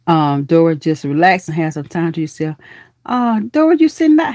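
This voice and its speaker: A woman with a fairly low voice chats through a live stream, warm with her viewers and full of honey, baby and girl. Her pitch leaps up when she greets people. The sound is dry and close, with no room around it. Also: normal speed, dry recording. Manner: lively, with pitch leaping up in excited greetings.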